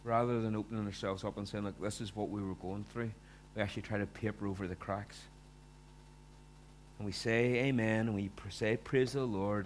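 A man's voice: fairly low pitch, slight background noise. A man preaching a sermon in a conversational way, acting out quoted voices with big swings.

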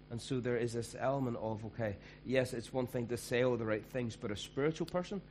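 A male pastor preaches in a conversational, emphatic manner. His voice sits at a middle pitch, with a faint hum in the background. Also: darkish tone. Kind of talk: sermon.

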